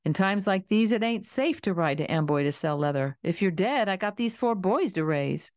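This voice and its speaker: A woman's voice: mid-range voice, lively intonation, moderate pace, a little mellow, dry recording, studio quality, voice pushed up, natural voice. A woman voicing a stern, worried farm wife who snaps and scolds in a rural drawl. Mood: scolding.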